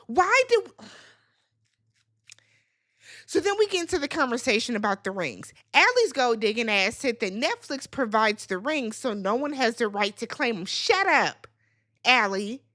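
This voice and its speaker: Woman vlogger, high and animated, blunt and profane, speaks straight to the cast. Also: a little slow. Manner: talks straight to the people on the show. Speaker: reality TV recap vlogger. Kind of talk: opinionated show recap.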